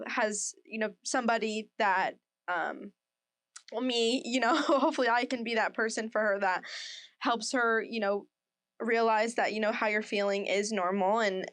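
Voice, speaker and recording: A woman's voice: on the high side, a bit bright, clear, resonant tone, no room sound. A young woman co-hosting a podcast, chatting casually with lots of fillers and getting emotional. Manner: rambling, many fillers, emotional. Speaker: podcast co-host. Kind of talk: casual chat.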